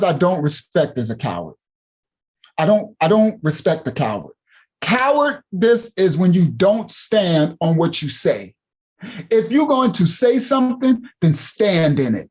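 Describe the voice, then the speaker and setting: Husky-voiced man preaching with swinging pitch. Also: darkish tone. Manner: emphatic, preachy, repeats for emphasis. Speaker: ministry host reacting to clips. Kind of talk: heated commentary.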